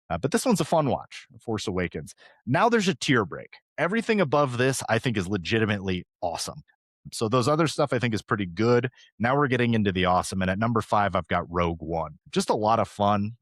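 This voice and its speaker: A man in his thirties hosting a podcast, talking casually and fast, with an animated, rambling delivery. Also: on the low side, no room sound, studio quality. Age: 30s. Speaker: podcast host. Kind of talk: casual chat.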